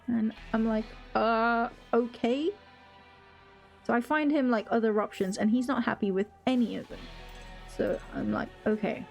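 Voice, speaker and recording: A woman's voice: a little high, expressive, moderate pace, vocal fry, a little mellow, faint music behind. Chatty young woman streamer, freely swearing. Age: young adult. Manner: rambling, swears freely, chats with viewers. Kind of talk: casual live-stream chat while gaming.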